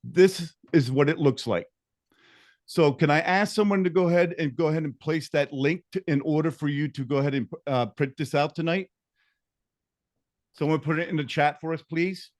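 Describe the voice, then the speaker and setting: A man hosting an online book-discussion session on a video call, earnest and encouraging, repeating key lines slowly. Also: fairly high pitch. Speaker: online group facilitator.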